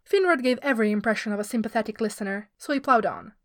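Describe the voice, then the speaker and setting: A woman reading a story aloud as a podfic reader, in steady, even storytelling narration. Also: mid-range voice, racing, dry recording, clean studio sound.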